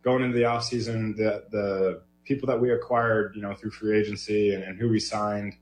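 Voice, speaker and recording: A man, a professional baseball player, speaking haltingly and emotionally in an interview clip, full of restarts and "you know". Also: on the low side, little pitch movement. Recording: roomy clip with faint background noise.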